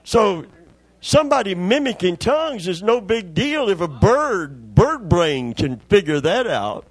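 A man's voice: high voice, sing-song, a little slow, breathy edge. A middle-aged man preaching a sermon in a folksy, conversational storytelling way, repeating words for emphasis. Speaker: pastor.

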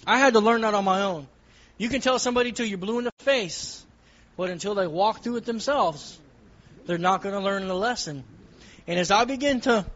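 A man's voice: high voice, fairly bright tone, muffled recording. A man giving an earnest testimony from the pulpit with a repetitive preaching cadence. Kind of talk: sermon testimony.

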